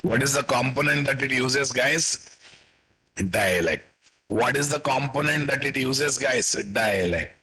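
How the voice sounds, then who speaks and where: A man with an Indian English accent teaching a live coding class, slowly dictating code and repeating questions to his students before answering them himself. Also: medium pitch, sharp tone, a little hiss or hum, low-quality recording. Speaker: programming instructor.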